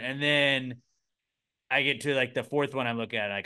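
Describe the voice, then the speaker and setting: This young man has a bright, forceful voice with a smooth, crisp tone. He hosts a casual podcast, joking in animated bursts and then dropping into muttered asides. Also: mid-range voice, fast talker. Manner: animated, jokey, swings between loud bursts and mutters. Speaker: podcast host. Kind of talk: casual chat.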